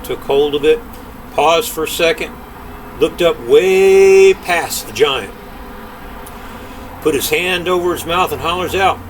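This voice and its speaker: An older grandfather reading a folk tale aloud in an unhurried, folksy way. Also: on the high side, slight background noise, poor audio. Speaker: storyteller.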